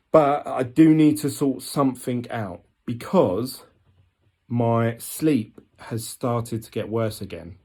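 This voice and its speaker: A man's voice: medium pitch, warm tone. A man, talking candidly and rambling in a casual vlog with lots of ums. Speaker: vlogger. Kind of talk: casual diet vlog talk.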